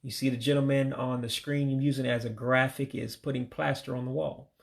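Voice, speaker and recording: Gravelly man teaching vocabulary. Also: medium pitch, steady tone. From United States. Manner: patient, repeats each word slowly; religious sign-offs. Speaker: language learner teaching vocabulary. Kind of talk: casual vocabulary lesson.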